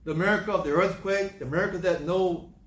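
A male pastor preaching a sermon in a church hall, animated and emphatic, repeating his points and acting out quotes. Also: high voice, brisk. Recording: echoey room with faint noise.

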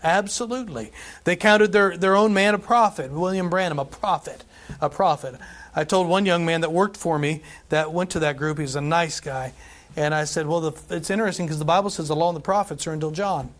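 A pastor preaches an animated sermon to his congregation in a voice that sits high for a man. He reads scripture aloud with emphatic, drawn-out delivery, then slips into easy conversational asides and laughs.

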